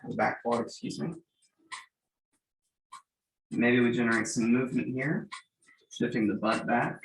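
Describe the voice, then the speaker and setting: A man in his thirties leading a gentle yoga class, giving calm cues for breath and movement with light joking asides. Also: mid-range voice, gravelly. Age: 30s. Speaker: yoga instructor. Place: church room. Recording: roomy, from far off the mic.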